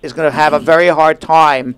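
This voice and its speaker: A man co-hosting a talk show as an immigration lawyer, explaining legal steps in rapid explanatory talk and turning indignant when excited. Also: fairly high pitch, clean tone. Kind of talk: casual radio talk show chat.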